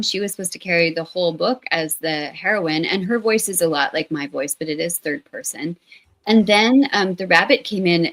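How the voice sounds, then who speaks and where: Animated, playful woman author. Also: fairly low pitch, low-quality recording. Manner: animated, playful, acts out quotes. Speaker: author being interviewed. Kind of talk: casual conversational interview.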